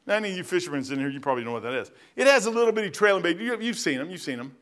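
A man's voice: sits high, very animated, racing, few pauses, a bit bright. A man preaching a sermon in a church as its pastor, telling stories in a folksy, plain-spoken way with bursts of emphasis. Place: church sanctuary.

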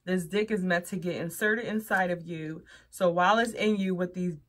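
A young woman vlogger who reviews adult toys talks frankly and casually to the camera, addressing her viewers as y'all. Her voice sits on the low side and moves at a moderate pace.

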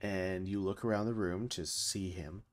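A man narrating a tabletop horror game as game master, in a slow, measured way. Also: low voice, steady tone.

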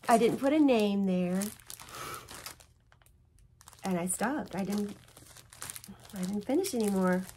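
A woman's voice: medium pitch, lively intonation, slow, pauses often, warm tone, slight background noise. A woman hosting her own stitching vlog, talking in a chatty, rambling and emotional way as she shows her projects at home. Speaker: flosstube host. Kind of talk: casual show-and-tell chat.

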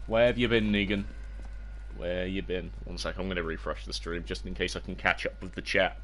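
Excitable young British man streaming games. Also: low-pitched, a little fast, a little hiss or hum. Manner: excitable, yelps and shouts at the game, chats to viewers. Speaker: livestreamer. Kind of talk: casual gaming livestream commentary.

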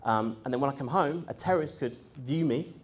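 Fairly quick and mid-range, a man's voice drifts through a casual account of his experiences. He wanders off track, restarts often and uses plenty of fillers, all with lively energy and put-on voices for anyone he quotes.

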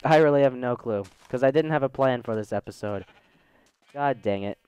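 Goofy Southern gamer guy, smooth voice. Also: mid-range voice, normal speed, a little mellow, dry recording, highs cut off. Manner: chatty, goofy, talks straight to viewers. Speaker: gaming channel host. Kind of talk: let's play commentary.

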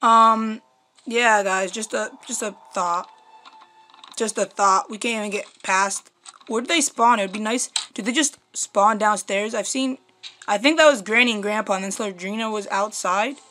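In this horror game let's play, a young female YouTuber screams whenever something frightens her, then talks quietly to herself. Her mid-range voice is pushed and bright, going at a moderate speed and worn from the shrieking.

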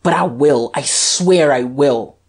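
A woman's voice: a bass voice, steady tone, unhurried, husky, exaggerated voice. A woman reading the lines of a desperate, rattled police detective who snarls and stammers defiantly.

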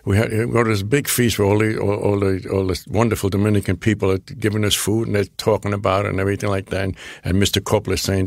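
A man's voice: on the low side, flat delivery, fast, gravelly, few pauses, no echo, studio quality. An older man with a Bronx accent, an actor telling rambling stories in an interview, full of restarts and acted-out quotes. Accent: New York Bronx. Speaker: guest actor. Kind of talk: storytelling interview.

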